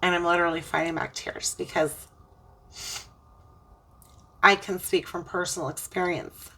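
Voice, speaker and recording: A woman's voice: fairly low pitch, fairly even intonation, moderate pace, fairly bright tone, far from the mic. A woman giving an earnest, emotional spiritual tarot reading, preaching about faith as she turns the cards. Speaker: tarot reader.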